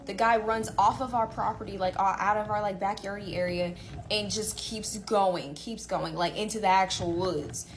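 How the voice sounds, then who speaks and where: A woman recounting a childhood memory in a relaxed, conversational storytime style. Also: mid-range voice, moderate pace. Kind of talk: casual storytime. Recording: noisy recording.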